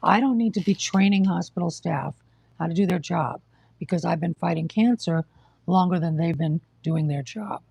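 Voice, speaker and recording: Casual live-stream host: husky, out of breath, blunt and exasperated, dry close mic. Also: mid-range voice, moderate pace, a little mellow, no echo, dull audio. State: short of breath, coughing. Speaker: livestream host telling of hospital care.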